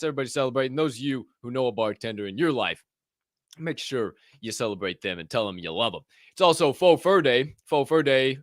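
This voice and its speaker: A man's voice: mid-range voice, no echo, clean studio sound. A young man hosting a live show, chatting casually, rambling and joking with frequent profanity. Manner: rambling, profane, jokey and excitable. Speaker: podcast host. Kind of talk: casual live-stream chat.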